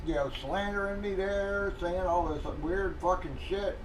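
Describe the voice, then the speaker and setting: A man's voice: sits high, measured pace, background noise. A man hosting a casual livestream, venting in a profane, ranting way. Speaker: livestream host running a card break.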